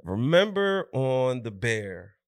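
A man co-hosting a podcast, telling stories in an animated, slangy way and acting out quotes. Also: mid-range voice, slow, no room sound, studio quality. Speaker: podcast co-host. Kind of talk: casual chat.

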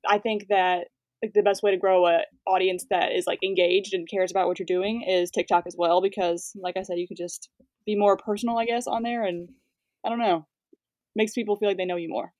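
Twenties female guest, quick chatty delivery, filler-heavy, mid-pitched, dry close mic. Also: fairly even intonation, a little mellow, no echo. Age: 20s. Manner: fast-talking, filler-heavy, laughing. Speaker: guest influencer. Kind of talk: casual interview chat.

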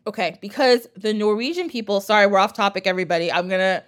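A woman's voice: mid-range voice, fast. Chatty woman podcast host. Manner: chatty, enthusiastic, digresses. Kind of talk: casual podcast chat.

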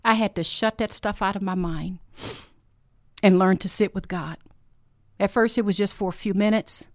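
A woman's voice: medium pitch, moderate pace, no room sound, studio quality. A middle-aged woman hosting a faith podcast, telling her personal testimony in an earnest, emotional way. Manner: emotional, earnest, heartfelt storytelling. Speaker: podcast host.

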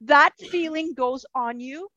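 A high-pitched woman chats as a podcast guest, lively and loose-tongued, swearing freely and slipping into voices she quotes. The sound is dry and a little dull. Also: slow, dry recording. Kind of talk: casual interview chat.

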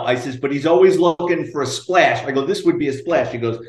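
A man, a retired detective spinning stories in a lively, salty way and voicing everyone in them. His voice sits a little high for a man. The room around him rings with a noticeable echo. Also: fast talker, hardly any pauses. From New York. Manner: animated, profane, acts out quotes. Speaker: retired police detective, guest. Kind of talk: storytelling in a podcast interview.

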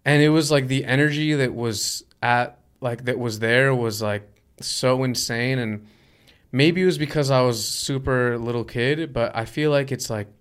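A man hosting a casual interview, sharing his own stories in an animated, drawn-out way. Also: mid-range voice, smooth.

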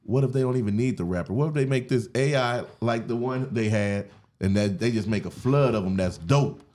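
A man's voice: medium pitch, brisk, a little mellow. A man hosting a casual group podcast, laughing often and steering the talk back to the topic. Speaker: podcast host.

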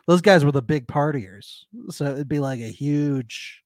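A man co-hosting a podcast in casual chat, animated and jokey, laughing often. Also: on the high side, unhurried, no echo, studio quality. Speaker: podcast co-host.

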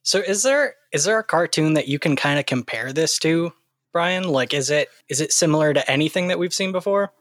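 A man's voice: a little high, lively intonation, a little fast, a bit bright, no echo, studio quality. A man hosting a casual podcast chat, asking questions and teasing his co-hosts. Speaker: podcast host.

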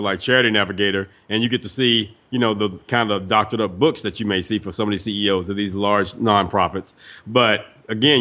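A man's voice: on the low side, a bit bright, lo-fi sound. A man co-hosting a podcast, talking in a loose conversational way with lots of "you know". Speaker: podcast co-host. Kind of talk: casual talk.

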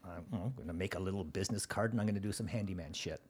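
A man's voice: low-pitched, very fast, a little mellow, husky. A man in his forties or fifties from Canada, telling his story as a podcast guest in a casual, profane way and acting out other people. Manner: swears freely, acts out quoted people, laughs often. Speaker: guest, contractor.

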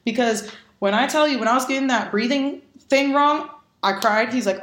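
A woman's voice: a little high, fast talker, a bit bright, roomy sound. A woman talking candidly in a casual podcast conversation, speaking emphatically and swearing bluntly as she makes her points. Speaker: podcast guest.

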